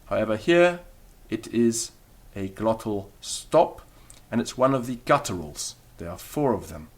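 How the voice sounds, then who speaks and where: A man with a fairly low voice teaches a recorded beginner language lesson. He explains each point patiently, step by step, and stops to demonstrate the sounds himself. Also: sing-song, unhurried, a little mellow.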